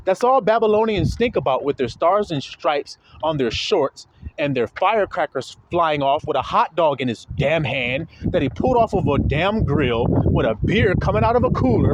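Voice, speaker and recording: A man's voice: fairly high pitch, muffled recording, background noise. A man preaching an informal sermon, folksy and profane, talking straight to his listeners.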